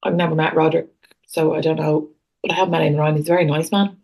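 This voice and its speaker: Female podcast co-host, low voice, dry humour, frank opinions. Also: level tone, fast talker, vocal fry, darkish tone. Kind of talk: casual political chat.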